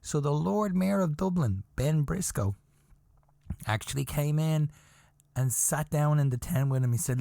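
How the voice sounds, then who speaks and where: A man hosting a podcast, telling a story in a casual, animated way, chuckling often, swearing, and insisting that it is true. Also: on the high side, measured pace, creaky, no echo. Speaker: podcast host.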